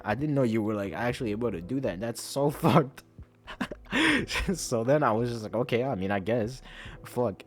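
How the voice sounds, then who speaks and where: A young man hosting a podcast, telling a story in a profane, animated late-night monologue. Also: lowish voice. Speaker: podcast host.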